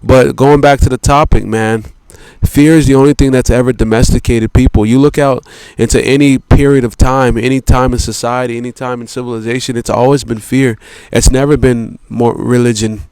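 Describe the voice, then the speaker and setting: A man with a smooth, resonant, mid-pitched voice holds forth in a rambling monologue. He swears freely, circles back on his points and slows down to stress words. The sound is dry and close, with no room echo. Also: fairly even intonation, a little mellow. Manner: profane, repetitive, peppered with "you know" and "man".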